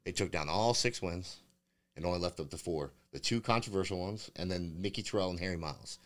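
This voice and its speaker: A man's voice: low voice, fairly quick, a bit bright. A man, a fighter guest on a casual interview, rambling through stories with lots of swearing and fillers. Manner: rambling, profane storytelling with many fillers. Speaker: bare-knuckle fighter guest.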